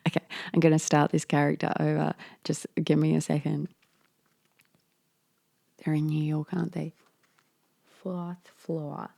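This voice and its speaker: A woman hosting a spooky story reading, with soft, self-mocking asides between passages. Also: sits low, gravelly, no room sound, studio quality. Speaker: reader and host.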